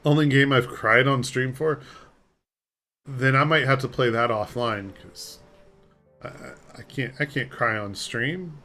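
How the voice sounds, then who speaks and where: A man talking casually on a live game stream, rambling along and poking fun at himself while he answers chat. His voice sits at an ordinary middle pitch, picked up close on a desk mic. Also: a little slow, bright, forceful tone, faint music behind. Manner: rambling, self-deprecating, reads chat aloud and answers.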